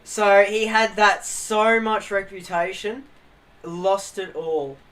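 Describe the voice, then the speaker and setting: A man's voice: high voice, steady tone, slow pace, a bit bright. A young man chatting on a live stream, telling funny family stories with lots of laughing and swearing. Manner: laughing storyteller, swears, acts out family quotes. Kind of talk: casual chat on a live stream.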